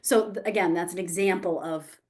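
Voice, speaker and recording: A woman's voice: fairly low pitch, normal speed, darkish tone. A woman teaching an online sales masterclass, talking expressively and with emphasis, sometimes acting out example phrases. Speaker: sales coach.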